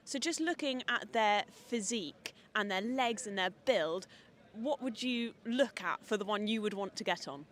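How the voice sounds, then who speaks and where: A woman reporter puts clear, upbeat questions to her guest. She speaks in an outdoor parade ring. Faint outdoor noise sits behind her. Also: medium pitch, animated, normal speed, a bit bright. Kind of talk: interview.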